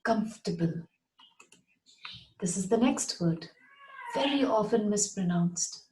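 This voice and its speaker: Woman, English pronunciation teacher, slow and patient, mellow tone, roomy echo. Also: mid-range voice, expressive, a little hiss or hum. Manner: patient, repeats words slowly and clearly. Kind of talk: slow, deliberate pronunciation lesson.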